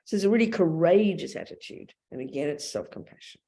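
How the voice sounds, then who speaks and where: A woman's voice: on the low side, animated, fast talker, mellow. A woman with an Australian accent giving a blunt, emphatic dharma talk as a Buddhist nun, calling her listeners darling.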